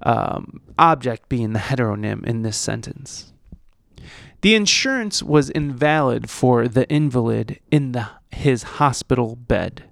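A man hosting an English lesson podcast, slowly reading and explaining example sentences. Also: mid-range voice, animated, vocal fry, no room sound, clean studio sound. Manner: slow, deliberate, reads example sentences aloud. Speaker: host.

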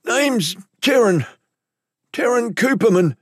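A man voicing a frightened young male hired thug, pleading and stammering in rough slang. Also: extremely high pitch, lively intonation, takes it slowly, no room sound, clean studio sound, pitched above the performer's own voice, exaggerated voice. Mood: scared pleading.

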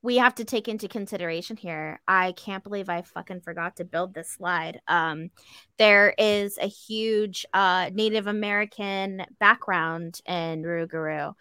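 Bright, giggly woman podcast host. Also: mid-range voice, measured pace, smooth, no room sound. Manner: giggly, profane, apologetic. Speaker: podcast host presenting slides. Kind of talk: casual podcast chat.

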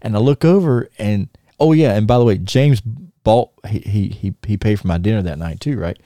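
A podcast host spins a casual story with a warm, mellow voice, breaking into laughter as he acts out lines. The recording is dry and close, with no room sound. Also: fairly low pitch, moderate pace, dry recording. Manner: animated anecdote-telling, often laughing and acting out quotes.

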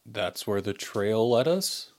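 A man's voice: fairly low pitch, lively intonation, slow, darkish tone. A man playing his character in a tabletop role-playing game, speaking in an earnest, diplomatic way. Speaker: player.

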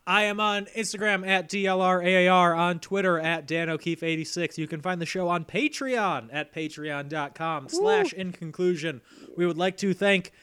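Male podcast host, slightly high, animated delivery, jokey and playful. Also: moderate pace, clean tone. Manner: playful, jokey, laughs often. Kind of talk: casual podcast chat.

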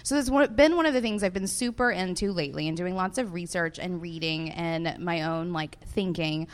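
A woman's voice: lowish voice, moderate pace. A woman with a Southern US accent co-hosting a podcast, chatting casually and laughing often in front of a live audience. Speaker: podcast co-host.

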